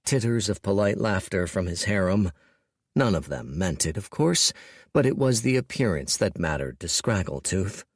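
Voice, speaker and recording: A man reads an audiobook in a low, unhurried voice with wry, measured storytelling. His delivery moves with lively pitch. The recording is close and dry, with no room sound. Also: breathy edge, no echo. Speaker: audiobook narrator. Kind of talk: scripted narration.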